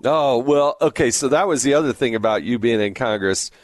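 A man's voice: medium pitch, a little fast, no echo, studio quality. Folksy American talk-show host man. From American West. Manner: folksy and emphatic.

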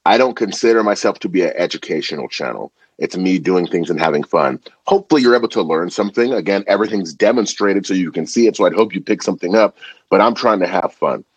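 Man, podcast guest, food creator, husky voice, animated casual slang, dry close sound. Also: low voice, fast, no echo, dull audio. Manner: animated and slangy, full of filler words. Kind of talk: casual conversation.

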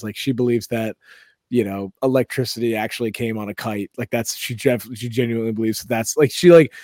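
A man co-hosting a comedy podcast, telling stories in a casual, animated way and acting out the voices of people he quotes. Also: medium pitch, fast talker, no echo, studio quality. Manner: animated storytelling, acts out quotes. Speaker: podcast co-host.

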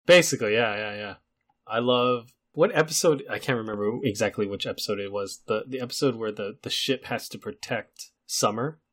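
A man's voice: on the low side, brisk, fairly bright tone. A man co-hosting a podcast, steering a casual chat in an easygoing, chatty way. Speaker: podcast co-host steering the discussion.

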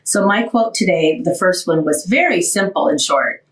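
A woman's voice: fairly low pitch, lively intonation, unhurried, echoey room, far from the mic, low-quality recording. A woman in her sixties hosting a casual radio talk show, emotional and rambling, getting short of breath as she talks. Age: 60s.

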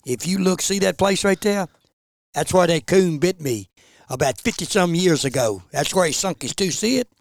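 A man's voice: high voice, lively intonation, normal speed. An older man telling a folksy story in plain rural speech as a podcast guest. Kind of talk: casual storytelling.

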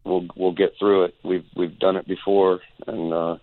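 Deep-voiced man on a tinny phone line. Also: little pitch movement, normal speed, no room sound. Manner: rambling anecdote with acted quotes. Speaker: guest musician. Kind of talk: phone-in storytelling.

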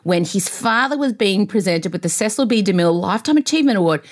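A woman co-hosting a casual pop culture chat, gossipy and excitable, laughing often. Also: medium pitch, fast talker. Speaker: podcast co-host.

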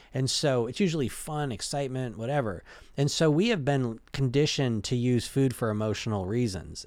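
A man's voice: medium pitch, a little mellow, no room sound. A man giving a casual motivational talk as a weight-loss coach, conversational, restarting and repeating words as he goes. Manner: conversational, keeps asking "right?" and "you know?".

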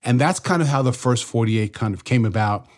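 A man's voice: mid-range voice, expressive, fairly quick, darkish tone. A man co-hosting a true-crime show, explaining investigative procedure step by step in a conversational way.

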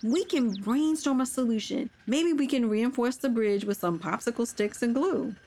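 A woman voicing an excitable, reassuring little bird. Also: on the high side, normal speed, a little hiss or hum, pitched above the performer's own voice, lightly acted. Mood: chirpy. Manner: chirpy, reassuring.

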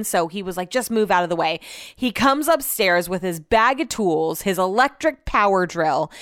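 A woman hosting a casual solo podcast, talking in an animated, chatty way and swearing freely. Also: mid-range voice, clean tone, dry recording, studio quality. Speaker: podcast host.

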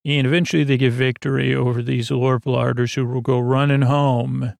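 A man hosting a sleep podcast, recapping an episode in a rambling, halting way full of fillers and restarts. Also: medium pitch, level tone, creaky, a little mellow, no room sound, clean studio sound.

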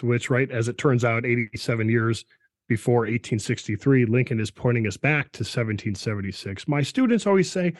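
A man's voice: medium pitch, normal speed, no room sound, studio quality. A middle-aged man, a political science professor, explaining in discussion and dropping "right" into his sentences with frequent restarts. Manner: peppers speech with "right" and restarts.

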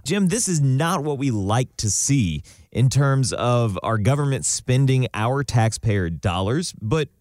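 A man's voice: medium pitch, animated, measured pace, hardly any pauses, a little mellow, dry recording. A man from the United States co-hosting a radio finance show, easygoing in casual chat and laughing often. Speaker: radio co-host.

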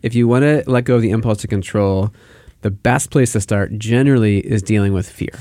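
A man's voice: lowish voice, fairly quick, dark tone, no echo, clean studio sound. A man co-hosting a casual faith podcast, explaining ideas with vivid word pictures. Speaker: podcast co-host giving advice.

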